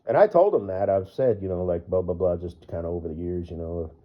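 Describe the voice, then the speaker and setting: A man's voice: low voice, fairly quick. A man vlogging in a casual, rambling way, full of fillers and laughing at his own jokes. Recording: dull lo-fi recording.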